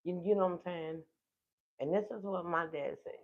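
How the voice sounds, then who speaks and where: A speaker with a New Orleans accent shares a heartfelt personal story with viewers. The delivery is emotional and drawn-out, and it often turns straight to the audience. The voice comes through a thin, phone-like livestream mic at a middle pitch. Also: fairly even intonation. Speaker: livestream host. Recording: tinny phone-like livestream audio.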